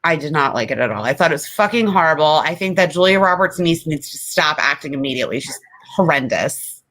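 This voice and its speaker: Fast and lively in intonation, this deep, fairly bright female voice belongs to a podcast co-host in casual chat. She's outspoken and full of opinions, with plenty of cursing.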